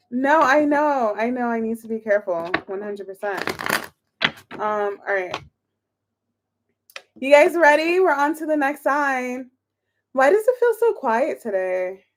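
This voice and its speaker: A tarot reader on a livestream counts aloud while shuffling and chats casually with her viewers. Her voice is high-pitched against a noisy background.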